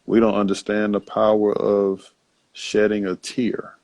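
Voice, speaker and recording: A man hosting, answering in a halting, reflective way with many fillers and restarts. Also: on the low side, monotone, darkish tone, no echo. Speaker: host. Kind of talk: casual reflective talk.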